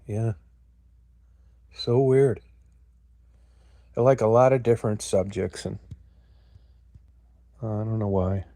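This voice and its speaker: An older American man hosts a livestream in a dry, studio-quality recording, his voice fairly low and warm. He talks slowly with frequent pauses, rambling casually, swearing a lot and gruffly addressing viewers in the chat.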